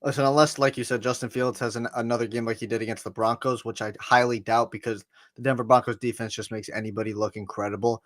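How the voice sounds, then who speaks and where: A man's voice: medium pitch, level tone, quick pace, fairly bright tone, no echo, studio quality. A man co-hosting a sports podcast, making emphatic picks and leaning on "listen" and "like I said". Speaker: podcast co-host.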